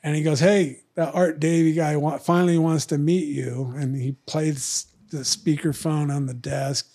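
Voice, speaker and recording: Animated storytelling man, fairly high voice. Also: measured pace. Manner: animated, acts out other people's lines in raised voices. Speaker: podcast guest, retired fighter. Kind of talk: storytelling in casual chat.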